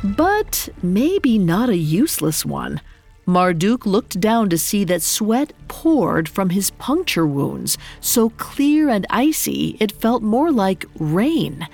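A woman narrating a mythological story in a calm, measured scripted style. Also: medium pitch, vocal fry, soft background music.

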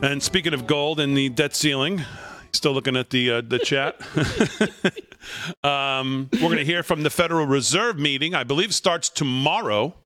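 A man hosting a live studio talk show, chatty and quick to laugh as he runs through market news. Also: on the high side, pushed and bright. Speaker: show host.

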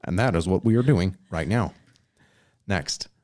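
A man's voice: deep voice, a little slow, a little mellow, no echo, clean studio sound. A young man co-hosting a casual podcast, reading listener letters aloud in a playful, teasing way. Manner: playful, teasing, laughs often. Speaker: podcast co-host.

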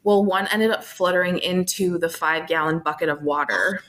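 Low-voiced chatty woman podcast co-host. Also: moderate pace, a bit bright, low-quality recording. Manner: chatty, filler-heavy, reflective. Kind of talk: casual chat.

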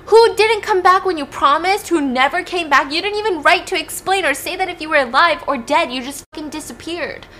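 A woman acting out a hurt, angry young woman who shouts bitter insults. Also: sits high, very animated, takes it slowly, slight background noise, voice pushed up, exaggerated voice. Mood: furious.

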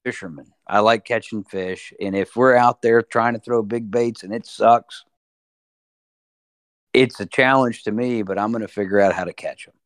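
A man, a podcast guest, in casual chat and explaining things in a relaxed way. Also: fairly low pitch, moderate pace, no echo, clean studio sound. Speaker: podcast guest, fishing industry sales director.

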